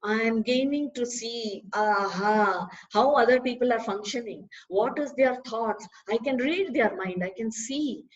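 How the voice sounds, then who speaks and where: A woman gives a spiritual discourse in a somewhat high voice. She talks in an animated way, firing off rhetorical questions. The recording is dull and lo-fi. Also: a little slow, few pauses. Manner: animated, asks rhetorical questions, acts out dialogues. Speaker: spiritual teacher.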